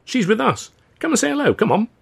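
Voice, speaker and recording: A man voicing a cheerful fellow who coaxes in a high voice with exaggerated innocence. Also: sing-song, fast, vocal fry, slightly rough, heavily acted. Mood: coaxing.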